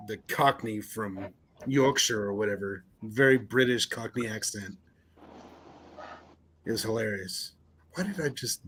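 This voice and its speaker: A man's voice: mid-range voice, fairly bright tone, slight background noise. A man joking around on a casual podcast, playful and swearing freely.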